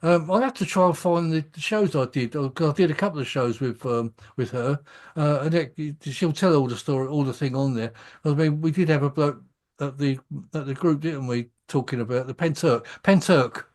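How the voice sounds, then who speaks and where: A man's voice: fairly high pitch, fairly quick, darkish tone. A man hosting a casual chat, conversational and hesitant, with many fillers. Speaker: radio host.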